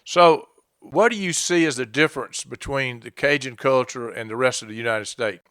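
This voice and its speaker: A man's voice: medium pitch, moderate pace, fairly bright tone, smooth, no room sound. A man from South Georgia hosting a podcast, chatting casually and asking his guest open questions. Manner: conversational, asks open questions. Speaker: podcast host. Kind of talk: casual interview chat.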